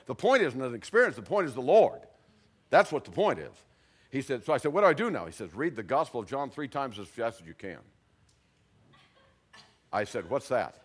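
An older man shares his testimony before an audience. His pitch rises and falls in lively swings. He drops to a hush and then bursts out loud as he talks. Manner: animated storyteller, swings from hushed to loud. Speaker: speaker giving testimony.

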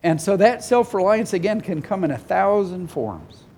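A pastor preaches a sermon in a voice that sits high, a little mellow and slightly rough, at a normal speed and very animated. He is earnest and emotional, sometimes tearful, repeating phrases for emphasis and voicing God and people in quotes.

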